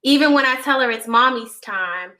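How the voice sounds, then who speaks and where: A woman's voice: fairly high pitch, normal speed, bright, forceful tone, rough recording. A woman hosting a casual online panel, chatty and upbeat, with lots of fillers. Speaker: panel host, nonprofit executive director. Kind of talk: casual panel chat on a video call. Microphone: video call.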